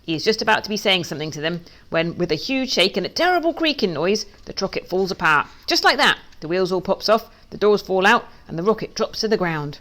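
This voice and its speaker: A woman, a children's author, reading her storybook aloud in a lively, playful way. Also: medium pitch, a little fast, hardly any pauses.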